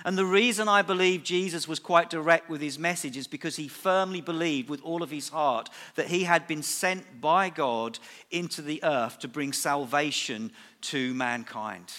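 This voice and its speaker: A man's voice: a little high, normal speed, sharp tone. A middle-aged man preaching a sermon at a church service, emphatic and repeating key phrases for weight. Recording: reverberant church hall.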